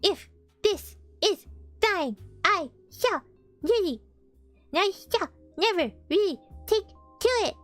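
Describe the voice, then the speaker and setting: A woman voicing a small, timid male piglet in a storybook reading, with high yelping cries. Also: expressive, normal speed, hardly any pauses, a little mellow, soft background music.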